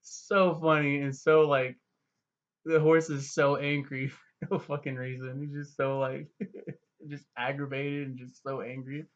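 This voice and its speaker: A man's voice: medium pitch, level tone, unhurried, muffled recording. A young man giving a profane, rambling, sarcastic review, full of fillers. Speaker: web series reviewer. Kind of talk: casual ranting review.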